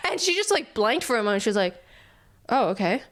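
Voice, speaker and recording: A woman's voice: on the high side, sing-song, fast talker, background noise. Reflective, laughing woman guest chatting. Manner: reflective, laughs often, speeds up when retelling stories. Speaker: podcast guest. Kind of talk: casual chat.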